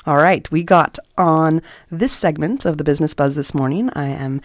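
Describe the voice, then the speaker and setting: Lady radio host, lowish voice, friendly and chatty, dry close studio sound. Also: normal speed, no room sound. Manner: friendly, conversational, laughs easily. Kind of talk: radio talk show.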